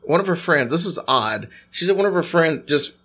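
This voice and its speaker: A man casually telling ghost stories to his co-host on a podcast, animated and teasing. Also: a little high, fairly quick. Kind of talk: casual storytelling chat.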